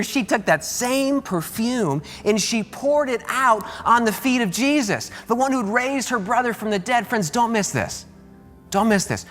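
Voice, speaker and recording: A man preaching a sermon as pastor, emphatic and animated, repeating key words and jumping up in pitch to stress them. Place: large church auditorium. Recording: long hall reverb with faint music.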